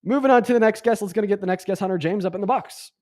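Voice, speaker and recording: Young male stream host, quick sarcastic rambler, dry close sound. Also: high-pitched, a little mellow, dry recording. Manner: rambling, filler-heavy, sarcastic. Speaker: livestream debate host. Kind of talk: casual livestream chat.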